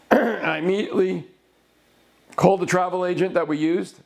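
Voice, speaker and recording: A middle-aged man with a notably high voice tells the story of a past legal case. He talks in short, deliberate phrases and slows right down to lean on key words. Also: vocal fry, a little mellow. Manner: deliberate, broken into short phrases, with slowed emphasis. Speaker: lawyer.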